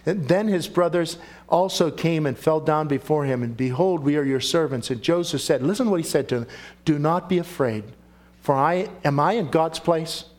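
A man preaching a sermon and reading scripture aloud. He speaks emphatically and keeps asking the listeners questions. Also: a little high.

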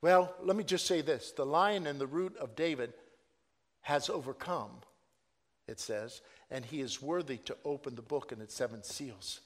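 A man preaching a sermon, swinging between loud proclaiming and hushed, drawn-out asides. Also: mid-range voice, big-room sound.

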